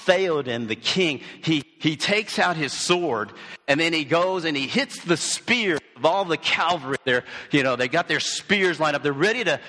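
A man's voice: fairly high pitch, expressive, moderate pace, pushed and bright. A man giving a sermon in a church hall, speaking emphatically and repeating key phrases.

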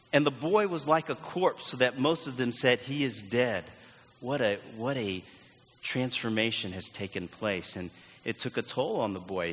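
A man's voice: mid-range voice, a bit bright, slight background noise. A man preaching a sermon as pastor, earnest and emphatic, leaning into repeated phrases. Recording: long church hall reverb.

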